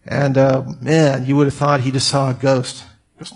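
A man's voice: mid-range voice, little pitch movement, normal speed, slight background noise. A man preaching a conversational sermon, with asides to his audience. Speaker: pastor.

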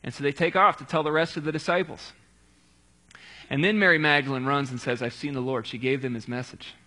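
A man's voice: fairly high pitch, fairly even intonation, fairly quick, pushed and bright. A man preaching a casual sermon, retelling scripture in a conversational way with quips and asides.

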